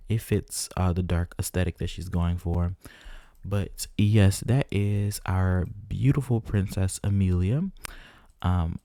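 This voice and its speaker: A man's voice: sits low, dark tone, dry recording, studio quality. A man hosting casual gameplay commentary, chatty and talking straight to his viewers. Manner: chatty, keeps addressing viewers as "guys". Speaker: gaming channel host.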